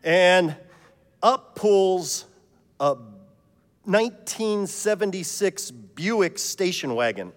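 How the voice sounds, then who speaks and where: Joking pastor in an echoing church. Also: male voice, high voice, animated, takes it slowly. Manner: joking, conversational storytelling. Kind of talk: sermon with joke story.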